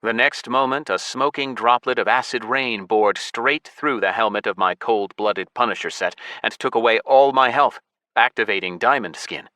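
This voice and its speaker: A male narrator reads a first-person adventure in a steady, measured way. His voice is bright and mid-pitched, recorded close and dry with no room sound. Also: no echo. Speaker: audiobook narrator. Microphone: close studio mic.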